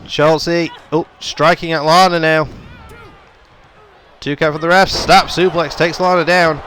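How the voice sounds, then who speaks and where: Young male gaming YouTuber, slightly high voice, play-by-play caller who gets loud on big moments, faint background hiss. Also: a little slow, some chatter behind. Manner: running commentary, rising to excited shouts on big moves. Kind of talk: play-by-play game commentary.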